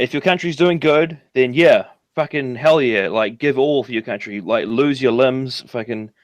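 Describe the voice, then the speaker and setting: A man's voice: mid-range voice, no echo. A man from New Zealand with a New Zealand accent, calling in to a casual chat and talking in a rambling, profane way full of fillers. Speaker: caller.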